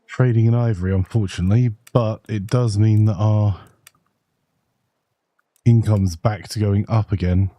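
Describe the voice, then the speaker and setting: A man's voice: on the low side, steady tone, unhurried, long pauses, dark tone, no room sound. A man streaming a strategy game, chatting casually and joking with his chat. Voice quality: jokey, chatty, reads chat aloud. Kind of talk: casual gameplay commentary.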